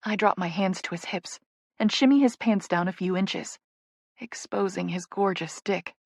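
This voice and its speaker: A woman's voice: medium pitch, normal speed, vocal fry, dry recording. A woman narrating a first-person romance audiobook in an intimate, playful way, on a close studio mic.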